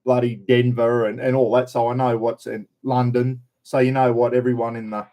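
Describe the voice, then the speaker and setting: Older Aussie bloke hosting a chatty live stream, mellow voice. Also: male voice, medium pitch, little pitch movement, normal speed. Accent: Australian. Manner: chatty, greets viewers by name. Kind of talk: casual live-stream chat.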